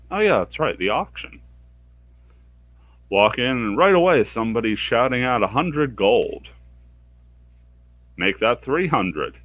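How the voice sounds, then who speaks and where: With phone-quality sound and no room acoustics, a male streamer narrates a game's dialogue sarcastically, bursting into a higher pitch for each character.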